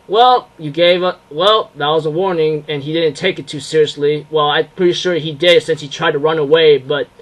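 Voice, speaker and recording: A young man talks through an anime episode in a loose, unscripted way. His voice sits a little high for a man, and he stumbles, restarts and leans on fillers as he goes. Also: fairly bright tone, low-quality recording. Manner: rambling, halting, many fillers and restarts. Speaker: anime reviewer. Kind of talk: casual spoken episode review.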